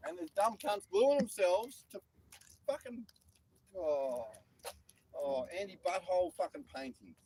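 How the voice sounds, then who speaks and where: A high, gravelly man swings his pitch wildly as he throws in blunt, swearing comments. He is recorded outdoors, with clear background noise and passing vehicles. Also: very animated, unhurried, mellow, poor audio. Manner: blunt, profane interjections. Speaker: fellow protester. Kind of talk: casual banter. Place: outdoors at a protest site.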